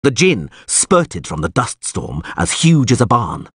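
A man reading a fantasy audiobook aloud with expressive, dramatic narration. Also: medium pitch, measured pace, husky, dry recording, clean studio sound.

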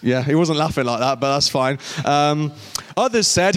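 A guest speaker leads an interactive youth talk, playfully coaching volunteers through a skit. His voice sits high for a man. It carries a long reverb from a large hall. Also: expressive, normal speed. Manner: playful, directs volunteers on stage.

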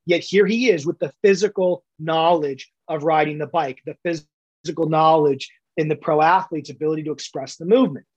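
Emphatic man explaining coaching ideas. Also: high voice. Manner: emphatic, lecture-like, repeats words for stress. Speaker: podcast guest, coaching expert. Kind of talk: explanatory interview talk.

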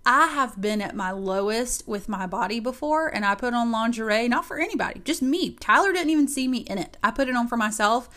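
Young woman, mom-vlogger, fairly high voice, emphatic, direct encouraging talk. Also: lively intonation, brisk, hardly any pauses, a bit bright. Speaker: mom giving advice to mothers. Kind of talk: casual motivational talk to camera.

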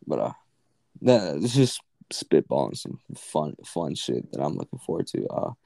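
A man's voice: extremely low pitch, wildly swooping pitch, measured pace, vocal fry, warm tone, no echo. A young man co-hosting a podcast, rambling in casual, unscripted chat full of fillers and swearing. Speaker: podcast co-host.

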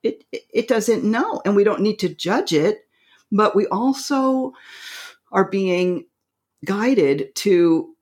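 An excitable woman co-hosts a spiritual podcast chat. Her pitch leaps all over the place as she acts out little voices and laughs often, in a middle-pitched voice. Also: takes it slowly. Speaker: podcast co-host.

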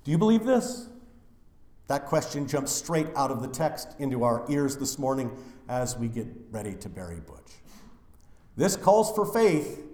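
A man's voice: mid-range voice, expressive, a little slow, reverberant. Man preaching with big dynamic swings. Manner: dramatic swings from loud declaring to hushed near-whispers. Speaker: pastor. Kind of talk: funeral sermon.

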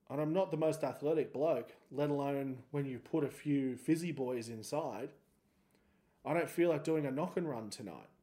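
This is a solo podcast host in his thirties with an Australian accent. His voice is fairly high and a little mellow, and he tells a story in a laid-back, joking, rambling way.

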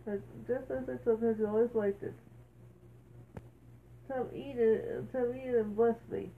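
A woman's voice: a little high, steady tone, unhurried. A woman reading the lines of an eager grown son, a hunter, in a plain read-aloud voice. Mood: pleading. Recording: tinny phone-like sound, faint hiss.

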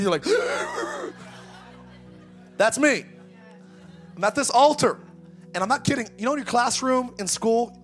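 A pastor in his thirties preaches with energy and humor in a high, very animated voice. He builds to loud calls, then drops to confiding asides. Soft instrumental music plays under his sermon. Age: 30s.

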